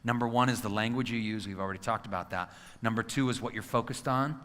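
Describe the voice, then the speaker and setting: A man in his forties delivers a motivational talk to a live crowd, acting out quotes and throwing questions at the room. His voice is bright and forceful. It rings out with a long hall reverb behind it. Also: on the low side, fast talker. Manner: animated storyteller who acts out quotes, asks the crowd questions. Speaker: motivational speaker.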